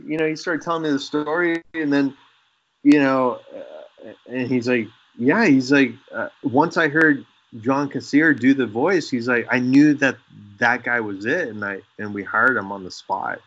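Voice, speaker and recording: Male podcast guest, animated anecdote-teller, mid-pitched, dry dull recording. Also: unhurried. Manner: animated storyteller acting out quoted dialogue. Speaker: guest special effects makeup artist. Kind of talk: casual podcast chat.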